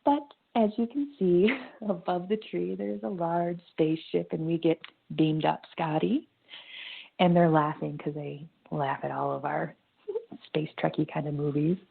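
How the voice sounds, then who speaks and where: A woman guiding a meditation in a slow, soothing voice that drifts into whispers. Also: low-pitched, fairly even intonation, vocal fry, husky. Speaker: meditation guide. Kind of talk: guided meditation narration. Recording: tinny phone-like line.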